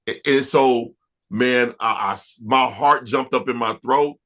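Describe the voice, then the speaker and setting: Bright-voiced man telling stories. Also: mid-range voice, a little slow. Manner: animated, laughing storyteller with many restarts. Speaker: R&B producer, interview guest. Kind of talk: storytelling in a casual interview.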